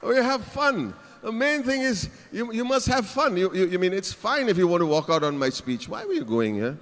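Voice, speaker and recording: High-voiced teasing keynote speaker. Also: male voice, very animated, moderate pace, a bit bright. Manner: playful, teasing the audience. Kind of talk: conference keynote speech. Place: large conference hall stage. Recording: reverberant conference hall.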